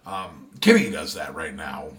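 A man's voice: a bass voice, wildly swooping pitch, measured pace, fairly bright tone. A man co-hosting a casual podcast chat, hesitant, with many ums and restarts as he thinks aloud. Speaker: podcast co-host.

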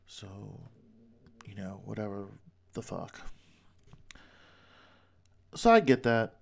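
A man's voice: lowish voice, big pitch swings, slow pace, gravelly, a little hiss or hum. A man from New York rambling through a solo podcast monologue, joking at his own expense and swearing casually. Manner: rambling, self-deprecating, profane jokes. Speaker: podcast host.

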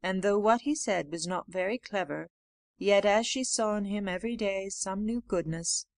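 A woman narrating a fairy tale aloud in a measured, clear storytelling manner. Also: mid-range voice, dry recording. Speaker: audiobook narrator. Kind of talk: storybook reading.

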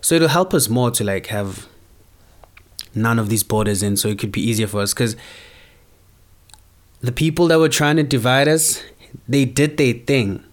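Young male podcaster from South Africa; loose, slangy, animated monologue. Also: mid-range voice, normal speed, long pauses. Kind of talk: casual monologue.

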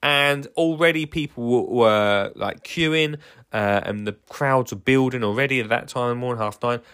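A man from England hosts a casual solo podcast, rambling enthusiastically with plenty of fillers and restarts. His medium-pitched voice is a bit bright, clear, and resonant, and he speaks at a moderate pace.

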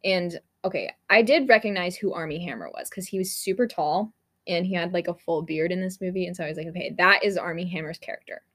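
A woman's voice: lowish voice, quick pace, fairly bright tone. A young woman chatting casually about a movie, full of fillers and laughter, acting out lines she quotes. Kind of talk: casual movie review chat.

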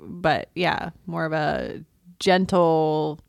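A woman's voice: low voice, very slow, creaky, no echo. A woman co-hosting a casual faith podcast, thoughtful, with dry humor and easy laughter. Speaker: podcast co-host.

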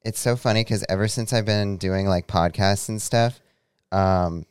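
A young man, a show's producer, chatting casually in a relaxed way. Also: fairly low pitch, a little slow, smooth, no echo, studio quality. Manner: relaxed, laid-back talk with fillers. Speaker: executive producer. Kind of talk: casual chat.

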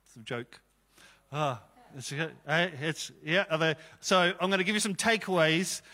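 A man preaches a casual sermon from a church stage, talking to his listeners like friends and slipping in jokes. His voice sits high and bright for a man. A long reverb from the hall trails after his words. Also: animated, moderate pace. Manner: chatty, jokey, conversational preaching. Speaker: pastor. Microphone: stage microphone.

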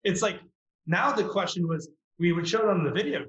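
A man, a startup founder, telling a story on a podcast with lively acted-out quotes. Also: fairly high pitch, a little fast. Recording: roomy, dull lo-fi sound.

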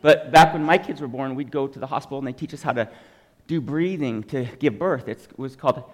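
A man giving an emotional, animated testimony as a sermon, telling his story to a congregation. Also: mid-range voice, a little fast, in a large hall.

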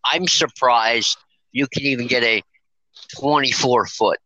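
A man who drives trucks telling a story to the show in a profane, animated way and acting out the dialogue. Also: medium pitch, unhurried, dry recording, poor audio. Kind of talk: casual storytelling.

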